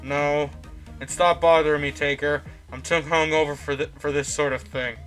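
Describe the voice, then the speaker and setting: A man's voice: a little high, flat delivery, normal speed, a bit bright, soft background music, natural voice. A man voicing a hungover, sulking female gamer demon from a game, in a thick, slurred voice. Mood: grumpy.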